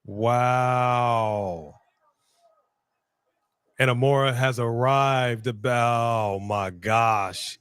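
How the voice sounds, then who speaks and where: Excitable guy co-hosting a wrestling stream, medium voice, dry room, yells a lot. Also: mid-range voice, extremely slow, pauses often, clean tone, no room sound. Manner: excitable, bursts into shouts and laughter. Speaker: co-host of a wrestling watch-along. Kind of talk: casual live commentary chat.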